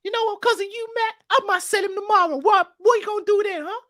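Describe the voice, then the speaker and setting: A man with a strikingly high, sharp voice throws comic trash talk at his friend. He leans on slang and mock menace, all in jest. The sound is close and dry. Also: quick pace, no room sound. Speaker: fan channel co-host. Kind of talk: comic banter, mock-threatening.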